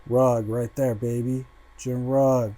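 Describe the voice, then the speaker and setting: A man hosting a casual livestream, flipping through a comic book and muttering relaxed asides, swearing freely as he goes. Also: medium pitch, takes it slowly, a little hiss or hum.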